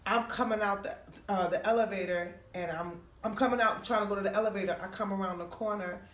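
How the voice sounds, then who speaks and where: A woman's voice: medium pitch, fast talker. A woman comedian telling a long, profane story on a podcast, acting out the people in it. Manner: animated, profane storytelling with quoted voices. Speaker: comedian guest. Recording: roomy, distant mic with faint noise.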